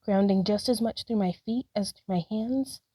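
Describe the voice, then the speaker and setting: A woman's voice: medium pitch, moderate pace, mellow, no room sound, low-quality recording. A woman narrating her own yoga practice, talking through poses with frequent sighs, out of breath and upbeat as she encourages herself. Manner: breathy, sighing between cues. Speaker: yoga vlogger.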